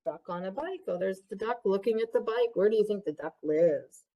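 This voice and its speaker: Librarian lady doing storytime, reads a picture book and keeps asking the kids stuff, lively voice, a bit husky. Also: mid-range voice, brisk, poor audio. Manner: interactive, asks children questions. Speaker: children's librarian. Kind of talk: picture-book read-aloud.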